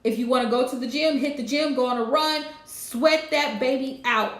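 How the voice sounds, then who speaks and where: A woman hosting a live tarot reading, calmly repeating gentle advice to her viewers. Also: high-pitched, normal speed, reverberant. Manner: soothing, repetitive advice with Southern-style phrasing. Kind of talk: casual live-stream reading.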